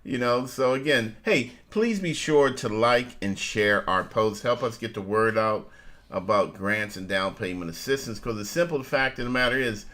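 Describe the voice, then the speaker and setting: A man's voice: mid-range voice, normal speed, fairly bright tone. Folksy middle-aged man calling listeners family. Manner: folksy, laughs often, calls listeners family. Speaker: co-host. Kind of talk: casual live-stream chat.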